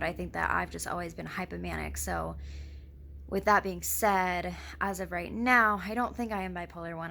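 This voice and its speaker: A woman's voice: mid-range voice, vocal fry, fairly bright tone. A young woman with a lisp, talking casually to her camera in a rambling, scattered way and swearing freely. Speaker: vlogger. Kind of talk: casual personal vlog.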